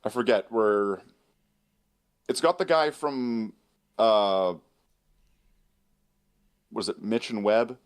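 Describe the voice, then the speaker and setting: A man's voice: lowish voice, slow, long pauses, clear, resonant tone. A man co-hosting a casual chat, rambling and laughing often. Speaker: co-host.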